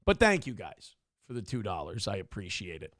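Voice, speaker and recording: A man's voice: lowish voice, huge pitch swings, a little fast, a bit bright, no echo. A man hosting a morning livestream show, chatting in a crude, sarcastic, rambling way from a small studio. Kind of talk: casual livestream chat.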